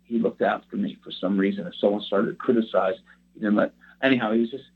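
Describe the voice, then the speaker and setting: A man's voice: on the low side, steady tone, fast talker, breathy edge. A man preaching a personal testimony in an earnest, rambling storytelling way. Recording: tinny phone-like sound.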